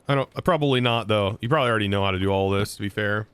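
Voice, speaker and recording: A man's voice: on the low side, racing, few pauses, fairly bright tone, clear, resonant tone. A man livestreaming a game, chatting casually to his viewers as he narrates each move he makes. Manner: chatty, narrates his moves and talks to chat. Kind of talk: live gameplay commentary.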